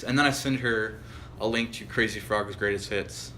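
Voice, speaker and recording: Bright-voiced young man, podcast co-host, rambling and sweary, faint noise behind. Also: fairly low pitch, normal speed. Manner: rambling storyteller, heavy swearing, mocking quoted voices. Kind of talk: casual chat.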